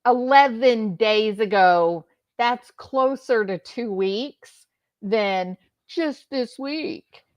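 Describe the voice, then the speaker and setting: A woman's voice: on the high side, very slow, dry recording, lo-fi sound. A woman host giving mocking, sarcastic commentary on a court hearing.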